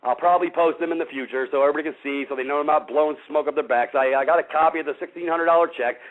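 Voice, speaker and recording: A man's voice: a little high, racing. A man hosting a radio show, talking bluntly and combatively to his listeners and calling them folks. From Missouri. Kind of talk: casual talk radio monologue. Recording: tinny phone-line radio audio.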